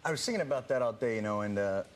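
A man guesting on a talk show, joking in a deadpan, halting way with lots of fillers. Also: fairly low pitch. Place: TV studio with audience. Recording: loud studio audience noise in broadcast clip.

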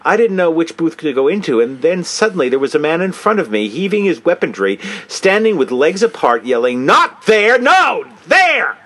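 Man, host, lively swooping voice, slightly high, mocking, casual swearing. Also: brisk, hardly any pauses. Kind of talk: comedic commentary, reading a statement aloud.

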